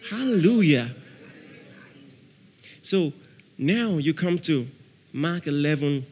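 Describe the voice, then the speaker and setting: A man preaching with a bright, high-pitched, very lively voice. He acts out voices in his stories and shouts example prayers. His voice rings through a hall with long reverb. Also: takes it slowly, breathy edge. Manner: animated preaching, acting out quotes, laughing, shouting prayers. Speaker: pastor. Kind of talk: sermon.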